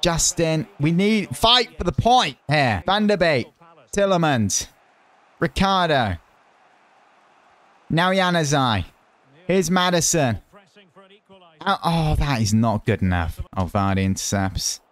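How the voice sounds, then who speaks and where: A man from the United Kingdom, a gaming YouTuber, talking over his own football game, with loud excited bursts at near misses and quieter muttering while he plans. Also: fairly high pitch, takes it slowly, long pauses. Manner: chatty, muttering while planning. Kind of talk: live gameplay commentary.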